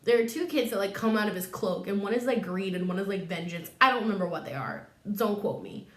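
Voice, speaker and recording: A woman's voice: medium pitch, quick pace, echoey room. A young woman vlogger in her twenties giving a tipsy comedic retelling, full of slang, swearing and laughs.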